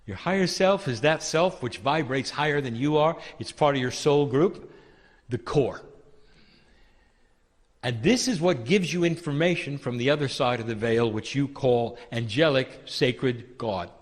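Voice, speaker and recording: A man giving a channeled spiritual teaching, calling listeners "dear one" and asking rhetorical questions in a soft, deliberate way. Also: medium pitch, animated, long reverb tail.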